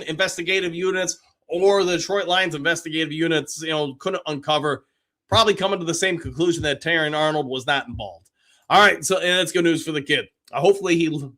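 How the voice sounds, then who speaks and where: A man's voice: fairly high pitch, pushed and bright. A man hosting a live sports podcast, chatting casually and reading viewer comments aloud with upbeat cheers.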